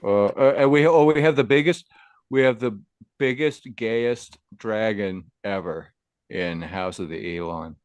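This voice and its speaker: A man's voice: lowish voice, measured pace, darkish tone, smooth, dry recording, dull audio. Brief: man in a loose podcast chat, crude humor, dry sound. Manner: crude joking, laughs often. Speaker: magazine creator.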